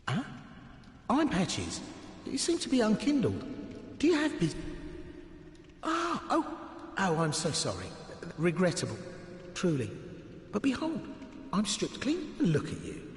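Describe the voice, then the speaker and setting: Patches, a sly wheedling trickster. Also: male voice, sits high, wildly swooping pitch, unhurried, pauses often, heavily acted. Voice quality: wheedling, swinging falsely apologetic delivery. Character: sly scheming male trickster, stripped of his gear. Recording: echoey game audio with long reverb.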